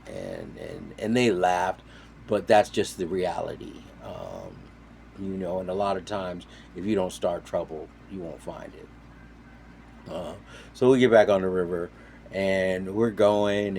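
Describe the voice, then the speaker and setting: Low-voiced man telling a story animatedly. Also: creaky, a little hiss or hum. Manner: animated, acts out quoted voices with sudden loud and soft swings. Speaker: storyteller on a talk show. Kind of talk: casual storytelling.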